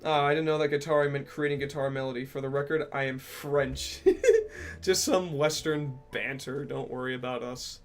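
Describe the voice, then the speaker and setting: A young man streaming casually, reading out and answering chat messages, joking and swearing with sudden loud outbursts. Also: mid-range voice, fairly even intonation, moderate pace, faint music behind.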